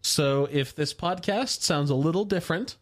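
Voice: mid-range voice, moderate pace. A podcast co-host talking casually with wry jokes and asides. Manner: wry, expressive, joking asides. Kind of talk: casual podcast review chat.

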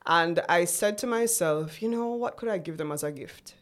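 A woman's voice: fairly low pitch, normal speed. A woman in her forties, a guest on an interview show, telling her story in a chatty way and acting out remembered conversations. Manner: chatty, acts out remembered dialogue. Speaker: guest entrepreneur.

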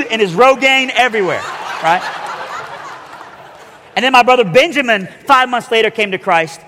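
A man's voice: high-pitched, fairly quick, bright, forceful tone, big-room sound, some chatter behind, slight background noise. A man preaching a sermon, telling his story with animation and acting out the voices of the people in it.

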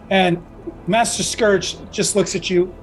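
A man's voice: sits high, fairly even intonation, slow, faint music behind, rough recording. A man narrating as game master of a tabletop game, rambling with lots of restarts. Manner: rambling, full of fillers and restarts.

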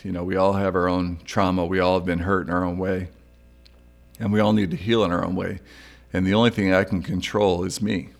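A man's voice: sits low, creaky. A middle-aged man hosting a solo podcast, talking candidly and reflectively about his own struggles. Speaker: podcast host. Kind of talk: solo recovery podcast monologue.

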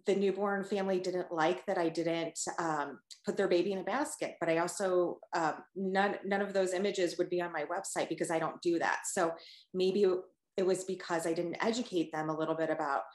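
A woman who runs her own photography business, answering reflectively and hesitantly in an interview, with frequent pauses. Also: on the low side, steady tone, reverberant. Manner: thoughtful, hesitant, many "um"s. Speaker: guest, photographer and business owner.

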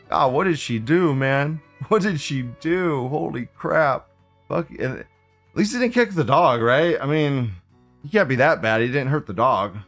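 A man hosting a live show, reading forum posts aloud and reacting in an excitable, profane, rambling way. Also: a little high. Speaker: livestream host.

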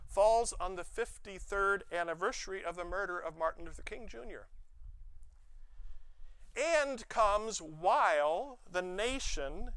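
A male pastor preaching an Easter sermon, expressive, with playful asides. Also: sits high, dry recording. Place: church sanctuary.

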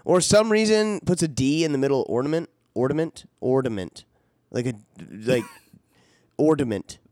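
A man's voice: fairly high pitch, very animated, moderate pace, darkish tone, no echo, clean studio sound. A man co-hosting a podcast, chatting casually with profanity, rambling and laughing. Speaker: podcast co-host.

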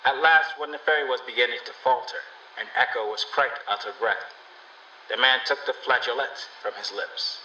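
Bright-toned male storybook narrator, echoey. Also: on the low side, lo-fi sound, slight background noise. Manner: even, measured storytelling. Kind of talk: audiobook reading of a fairy tale. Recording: distant mic in an echoey room, faint ambience.

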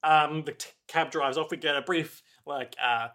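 A man's voice: fairly high pitch, fairly even intonation, normal speed, pushed and bright. A man co-hosting a podcast, casually recapping an anime with rambling jokes and lots of fillers. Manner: rambling, joking, many fillers. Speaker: podcast co-host.

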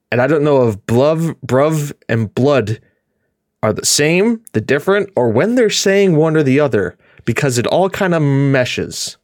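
A man hosting a podcast, chatting in a rambling, animated way and laughing often. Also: on the high side, a little slow, no room sound, clean studio sound. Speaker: podcast host. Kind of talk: casual chat.

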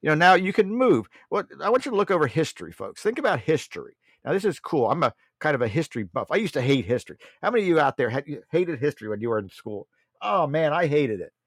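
Blunt man hosting a talk show, lively pitch. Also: quick pace, no room sound, studio quality. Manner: blunt, mocking, keeps addressing listeners as folks. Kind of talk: political talk show monologue.

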